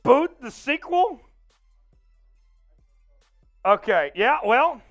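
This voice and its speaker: A man hosting a casual sports livestream, reading out viewer donations, excitable and laughing often. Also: very high voice, drawn-out words, soft background music. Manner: excitable, reads out super chats, laughs often. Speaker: livestream host.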